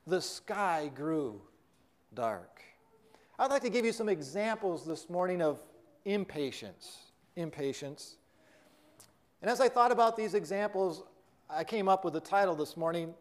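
Man, preacher, sermon, earnest storytelling, fairly high voice, scripture reading.

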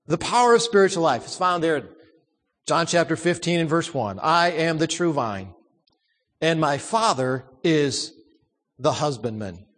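A man's voice: fairly high pitch, animated, measured pace, fairly bright tone, big-room sound. A man preaching a sermon, emphatic, repeating words and asking the congregation questions.

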